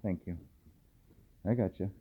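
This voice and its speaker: A man, a dog trainer, filming a casual vlog at home at night and softly murmuring to calm his dogs between remarks to the camera. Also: sits low, a little slow, slightly rough. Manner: soft, soothing murmurs to the dogs. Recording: tinny phone-like audio, faint hiss.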